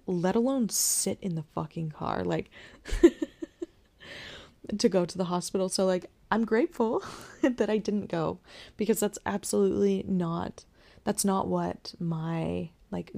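A young woman hosting a podcast, candidly telling a personal story with whispered asides and soft laughs. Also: lowish voice, gravelly. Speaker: podcast host sharing her birth story.

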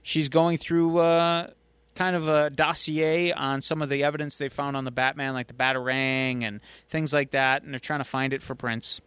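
A man's voice: medium pitch, level tone, normal speed, a bit bright, clear, resonant tone, no room sound. A man co-hosting a podcast, casually recapping a comic book story and acting out its quotes. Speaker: podcast co-host.

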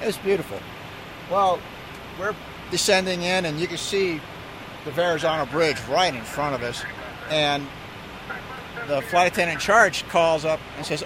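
High-voiced male pilot, traffic noise. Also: normal speed, long pauses. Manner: relaxed storyteller, amused, some restarts. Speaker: airline pilot. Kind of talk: casual anecdote telling.

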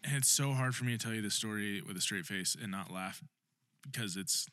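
A man's voice: fairly low pitch, pushed and bright, dry recording. A man co-hosting a podcast, telling a funny story in casual chat and laughing as he goes. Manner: laughing storyteller, rushed bursts. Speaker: podcast co-host.

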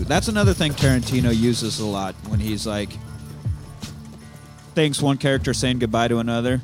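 A man's voice: mid-range voice, moderate pace, over music. Profane man recapping a movie. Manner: profane, animated retelling of scenes. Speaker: podcast host. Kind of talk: casual film recap chat.

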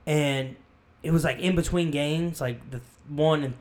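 Speaking at a moderate pace with a voice a little on the high side, this podcast co-host, who isn't from the area, chats casually. He comes across as a relaxed storyteller spinning easygoing, rambling tales.

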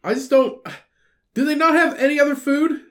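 A man's voice: very high-pitched, normal speed. A man co-hosting a podcast in casual chat, arguing in disbelief and reading bits of web articles aloud. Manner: animated, incredulous, reads aloud from web articles. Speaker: podcast co-host.

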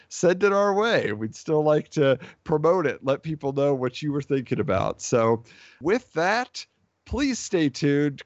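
Chatty podcast host with a dull, dry sound. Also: male voice, on the high side, dry recording. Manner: chatty, rambling with restarts. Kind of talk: casual podcast chat.

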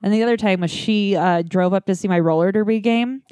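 A woman tells a grim story in loose, casual talk, cursing freely and laughing it off. Her voice sits mid-pitch and sounds close and dry, with no room echo. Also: brisk, dark tone, clean tone. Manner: blunt, profane, darkly comic, laughs between lines.

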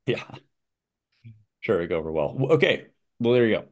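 A young man co-hosting a casual podcast, relaxed, agreeable and quick to laugh. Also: lowish voice. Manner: easygoing, laughs often, agreeable backchannels. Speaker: podcast co-host. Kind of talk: casual chat.

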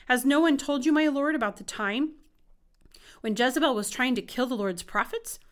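A woman's voice: high-pitched, moderate pace, voice pushed up, close to an everyday voice. A woman reading the lines of a frightened male palace servant, pleading with his master.

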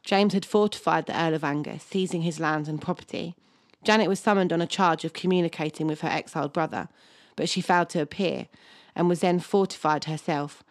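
A woman's voice: deep voice, fairly even intonation, a little fast, dry recording. A woman co-hosting a podcast, reading a historical story from a script and stopping to banter and laugh over place names. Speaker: podcast co-host.

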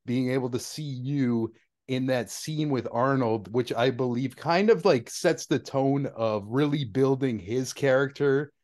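A man's voice: mid-range voice, unhurried, a little mellow. A man hosting a podcast, asking loose questions full of "like" and "um". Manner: loose, filler-heavy questions with "like" and "um". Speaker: podcast host. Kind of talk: casual interview questions.

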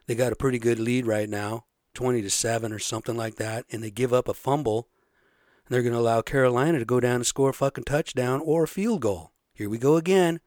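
A man with a sore, slightly raspy throat, ranting bluntly and profanely in a casual monologue, tagging lines with "right?". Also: medium pitch, a little fast, darkish tone, no room sound, studio quality. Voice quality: a little raspy.

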